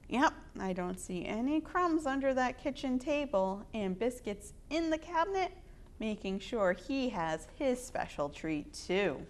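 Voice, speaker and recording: A woman hosting storytime, reading picture books aloud to children in an expressive, sing-song way. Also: fairly high pitch, slow pace. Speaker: storytime reader.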